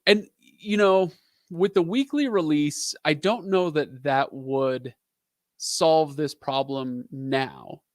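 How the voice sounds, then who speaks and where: A man's voice: fairly high pitch, takes it slowly, darkish tone, no echo, studio quality. A man in his thirties hosting a casual live stream, answering viewer questions in a rambling, chatty way with lots of fillers.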